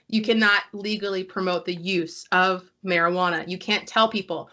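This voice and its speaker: A woman with a bright, forceful tone talks casually as a podcast guest. She is feeling sick, and her voice is a little hoarse. She laughs easily and swears without a second thought. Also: fairly low pitch, fairly even intonation, normal speed. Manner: chatty, swears freely, laughs often.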